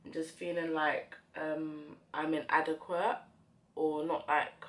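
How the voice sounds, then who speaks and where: Soft low-voiced young woman, hesitant chat. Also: level tone, slow. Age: young adult. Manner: soft, hesitant, full of fillers. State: tearful. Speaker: beauty vlogger. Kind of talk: casual chat while doing makeup.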